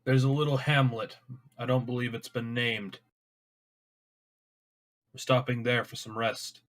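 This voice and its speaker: A man playing his character in a tabletop game, speaking calmly and tersely with quiet menace. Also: mid-range voice, a little slow. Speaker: player. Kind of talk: in-character tabletop role-play.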